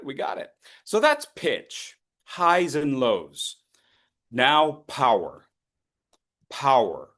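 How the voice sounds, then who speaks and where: A man's voice: medium pitch, sing-song, takes it slowly, long pauses, fairly bright tone. A man leading an online public speaking workshop over a video call, playful and teasing as he calls on participants.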